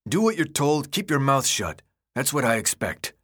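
A man's voice: mid-range voice, very animated, normal speed, a bit bright, no room sound, clean studio sound, voice pushed up. A man voicing a brash, sarcastic teenage boy who is out of breath, mocking and bossy. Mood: scornful.

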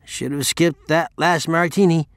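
A man's voice: on the high side, fairly even intonation, unhurried, clear, resonant tone, no room sound, clean studio sound, voice pushed up. A man voicing a young card player who slurs his words to fake being drunk. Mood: slurring. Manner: slurred. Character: young male card counter feigning drunkenness.

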